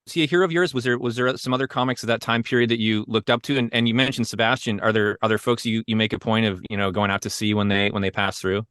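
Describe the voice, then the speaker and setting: A man co-hosting a podcast who asks interview questions quickly, with some restarts. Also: fairly low pitch, fairly even intonation, fairly bright tone, clean tone, dry recording, clean studio sound. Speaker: podcast co-host.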